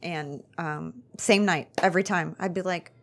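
A woman's voice: fairly low pitch, moderate pace. A middle-aged woman co-hosting a podcast, casually telling a family story and acting out the quotes. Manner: animated storyteller, acts out quotes. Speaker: podcast co-host.

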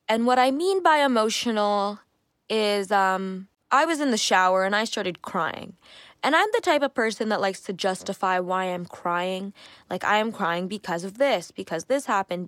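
A woman's voice: medium pitch, fairly bright tone, dry recording, studio quality. A woman in her twenties hosting a solo podcast, talking candidly and reflectively, often restarting her thoughts. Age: 20s. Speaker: podcast host. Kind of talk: casual solo podcast monologue.

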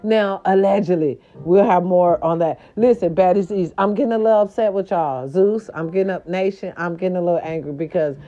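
A woman's voice: lowish voice, a little fast, few pauses, mellow, muffled recording. A woman hosting a gossip commentary show, sassy and emphatic, repeating her catchphrases with theatrical swoops and growls. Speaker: gossip vlog host.

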